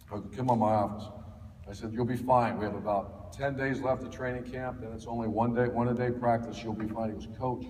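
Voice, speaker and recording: A man's voice: medium pitch, fairly even intonation, quick pace, a little mellow, recorded from a distance, slight background noise. Man telling stories in an echoey hall. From Ohio. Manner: folksy, anecdotal, many restarts and fillers. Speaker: football coach speaking at a clinic. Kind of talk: storytelling talk to an audience. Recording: echoey hall, faint ambience.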